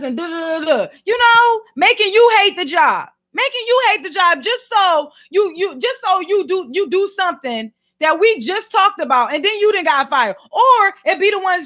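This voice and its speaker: A woman with a Philadelphia accent, a vlogger and podcast host, rants straight at her audience in a vlog. Her voice is very high, bright and sharp, and her commentary is exasperated, animated and full of slang.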